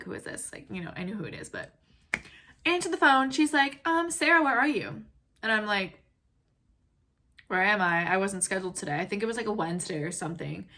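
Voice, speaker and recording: A woman, telling a heated storytime rant to the camera, full of "like" and acted-out quotes. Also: medium pitch. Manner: animated, heated retelling with lots of "like" and quoted dialogue. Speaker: vlogger.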